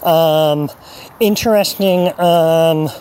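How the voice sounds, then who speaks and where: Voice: medium pitch, drawn-out words, dark tone, slight background noise, low-quality recording. Hesitant speaker in a recorded voice message. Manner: hesitant, many ums and uhs. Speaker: listener sending a voice message.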